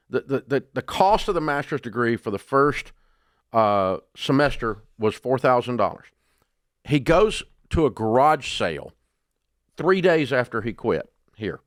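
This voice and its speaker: A man in a studio delivers a blunt talk-radio rant, scornful and forceful. His voice leaps up in pitch and volume when he gets worked up. The sound is close and dry. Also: no echo. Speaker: radio show host.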